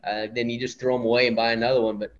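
A man's voice: mid-range voice, flat delivery, very fast. A man from Iowa, a hunting outfitter guest, talking in a laid-back, plainspoken way. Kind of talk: casual chat. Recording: dull lo-fi audio.

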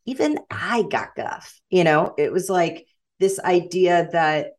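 A middle-aged woman with a general American accent, chatting as a guest author, animated and quick to laugh, often restarting her sentences. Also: lowish voice. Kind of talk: casual interview chat.

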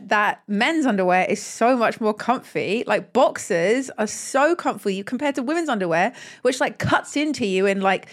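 A woman with a fairly high voice that swoops a lot as she talks. She chats on a podcast with quick exclamations, laughs and casual swearing. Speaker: podcast co-host. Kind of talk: casual chat.

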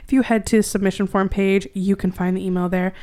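A young adult woman hosting a podcast, chatting casually with quick asides and reading listener stories aloud. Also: medium pitch, flat delivery, dark tone. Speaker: podcast host. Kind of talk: casual chat and story reading.

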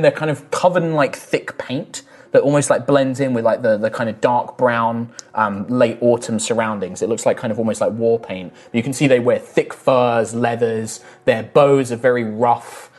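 A man narrating as game master in a relaxed, rambling way with many fillers. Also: medium pitch, moderate pace. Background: faint music.

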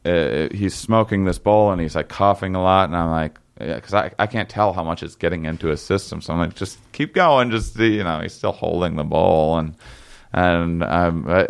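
A young man telling a long story in casual chat, halting and rambling with many fillers and restarts. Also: low-pitched, creaky, clean tone.

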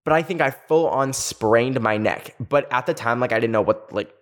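A man's voice: mid-range voice, normal speed. A young man telling a personal story in a chatty vlog style, filling his speech with "like". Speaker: video creator.

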